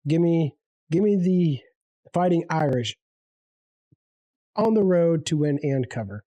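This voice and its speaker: A man co-hosting a casual sports picks podcast, easygoing and halting, often repeating his words. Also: a little high, animated, mellow, no echo. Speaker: podcast co-host.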